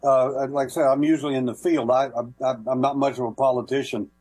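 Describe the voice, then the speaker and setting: A man's voice: mid-range voice, level tone, fairly quick, darkish tone, slightly rough, rough recording. A man guesting on a call-in radio show, telling folksy anecdotes with many hesitations and small laughs. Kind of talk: casual call-in radio storytelling.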